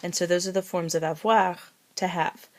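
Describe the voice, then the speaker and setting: A woman teaching a recorded language lesson, who says phrases slowly, repeats them and spells words letter by letter. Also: on the low side, steady tone. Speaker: French teacher.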